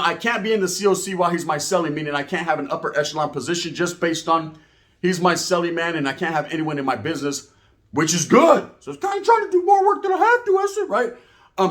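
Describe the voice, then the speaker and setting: A man's voice: on the high side, fairly bright tone. A man telling a rambling, profane story in heavy street slang, tagging lines with "right?". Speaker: storyteller recounting prison life. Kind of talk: casual storytelling.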